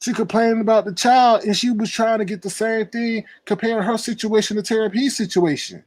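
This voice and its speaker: Husky guy going off on his stream, mad and defensive, super dry mic. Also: fairly even intonation, fairly quick, no echo. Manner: confrontational, indignant, swings between loud outbursts and low muttering. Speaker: live-stream commentator. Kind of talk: heated live-stream rant.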